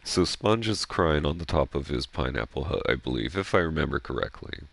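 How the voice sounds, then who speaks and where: A man chatting casually over gameplay, rambling excitedly and swearing freely. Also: very deep voice, brisk, vocal fry. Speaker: gaming streamer.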